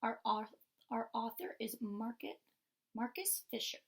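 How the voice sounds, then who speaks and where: A woman reading a children's picture book aloud, slowly and expressively, with small slips. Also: a little high, animated, slight background noise. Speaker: storyteller.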